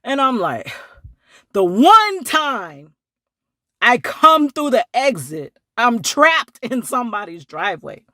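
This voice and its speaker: She narrates at an unhurried pace, voicing every character in her story with dramatic pitch swings and frequent laughter. It's an animated, casual vlog captured in studio quality with no echo.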